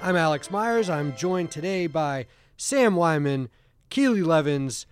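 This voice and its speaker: A man's voice: a little high, expressive, a little slow, soft background music. A man hosting a podcast in a casual studio chat, rambling and self-deprecating with restarts. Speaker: podcast host.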